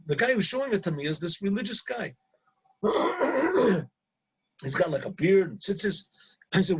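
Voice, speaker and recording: A middle-aged man, a rabbi, casually telling an anecdote, halting and repeating words and laughing at his own story. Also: high voice, very animated, husky, rough recording.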